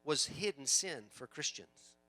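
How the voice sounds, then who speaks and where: Animated, high-voiced male pastor preaching. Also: a little slow. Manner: animated preaching that swings from loud emphatic lines to quiet storytelling; chatty asides and repeated words. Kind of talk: sermon.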